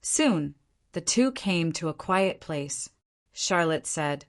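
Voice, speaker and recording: A woman narrating an audiobook in an even, measured reading style. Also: deep voice. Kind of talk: scripted narration.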